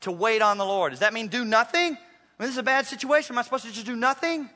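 High-voiced preacher in a reverberant hall. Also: male voice, animated, quick pace. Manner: dramatic preaching, swings from loud emphasis to hushed low passages. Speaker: pastor. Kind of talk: sermon.

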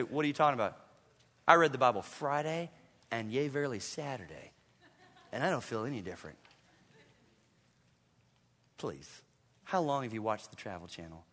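A man preaching a sermon to his congregation, animated and acting out his listeners in quoted voices. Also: high-pitched, big-room sound. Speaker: pastor. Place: church sanctuary.

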